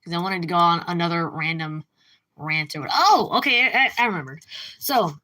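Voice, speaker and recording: Bright-voiced chatty woman streamer. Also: moderate pace. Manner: chatty, rambling, with expressive pitch jumps. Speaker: livestreamer. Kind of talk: casual live-stream chat.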